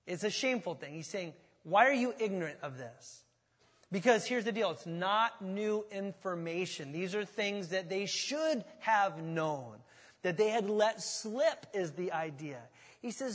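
High-voiced pastor preaching in a reverberant hall. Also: male voice, animated, measured pace, fairly bright tone, breathy edge. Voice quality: conversational, asks the congregation questions. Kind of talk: sermon.

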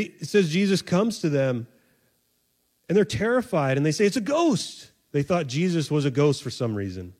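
Animated, joking male preacher. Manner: animated, acts out voices of the disciples with sudden high squeaks; conversational, jokey, laughs at himself. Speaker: pastor. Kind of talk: sermon.

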